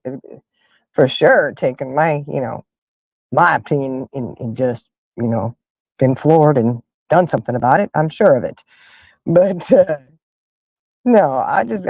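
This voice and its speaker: A woman hosting a casual chat with her viewers, telling stories in an animated, emphatic way and fussing loudly when annoyed. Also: low-pitched, no room sound. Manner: animated, emphatic storyteller who rants and fusses. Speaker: livestream host chatting with viewers.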